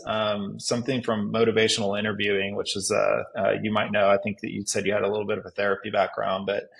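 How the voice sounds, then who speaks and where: A man with a fairly low voice and a gravelly, fry-edged tone, speaking as a police detective guest. He explains his advice methodically, laying it out in numbered steps in an easygoing podcast chat. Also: rough recording. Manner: instructive, lays out numbered advice. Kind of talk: podcast conversation.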